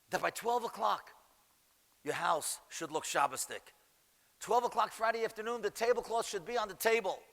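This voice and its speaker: A rabbi, a man, tells a story to a crowd and acts out each person in it with vivid energy. His voice sits high and rings bright. Long reverb from a big hall trails behind his words. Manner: animated storyteller acting out dialogue. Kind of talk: storytelling lecture.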